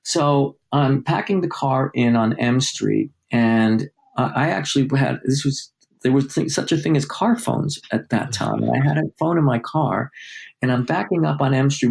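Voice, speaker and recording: Older man, interview guest, mid-pitch, chatty raconteur who acts out quotes. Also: normal speed, vocal fry. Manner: lively anecdote-telling, acting out quoted dialogue, many fillers. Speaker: journalist guest. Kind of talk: storytelling in a podcast interview.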